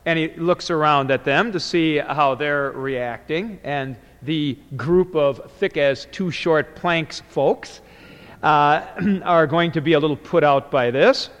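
A man lecturing on Greek grammar, slow and deliberate, walking his class through each word form. His voice sits a little high for a man. The sound carries a long reverb, as if from a large hall. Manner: deliberate, parsing words aloud, often slowing to spell things out. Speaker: Greek New Testament teacher.

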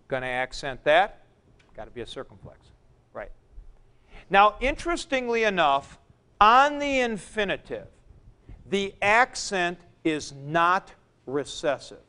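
A man teaching a classroom lecture, explaining deliberately with frank asides to his students. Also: fairly high pitch, a bit bright, clear, resonant tone. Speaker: Greek teacher.

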